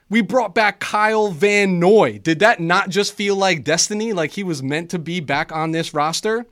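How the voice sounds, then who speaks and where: A man's voice: fairly high pitch, a bit bright. A man delivering a fired-up, boastful football fan rant as a co-host on a sports talk show.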